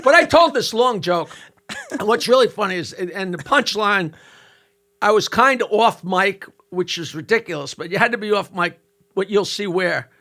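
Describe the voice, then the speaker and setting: An older man who tells jokes for a living spins a long story with quick asides, his voice sitting high and sounding bright and sharp. He talks casually as a podcast guest, hitting each point hard. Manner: animated joke-telling with quick asides. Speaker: comedian guest.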